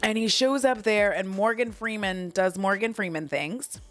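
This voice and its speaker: A woman's voice: medium pitch, normal speed, soft background music. A woman hosting a casual movie recap vlog, giggly and rambling, with plenty of swearing.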